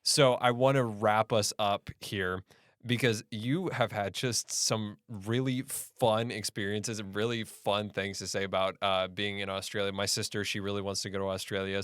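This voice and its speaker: A man in his twenties from the United States hosting a podcast, asking relaxed, rambling questions. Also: fairly low pitch, smooth, no echo, clean studio sound. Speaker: podcast host. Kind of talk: casual interview chat.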